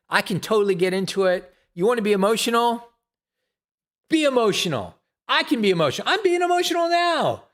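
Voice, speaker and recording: Blunt, ranting man with a lively high voice. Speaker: live streamer. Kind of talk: casual stream monologue.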